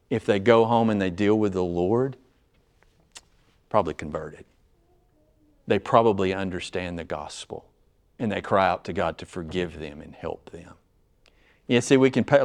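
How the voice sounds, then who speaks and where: A male pastor preaching an expository sermon, swinging between loud urgent emphasis and low, quiet asides.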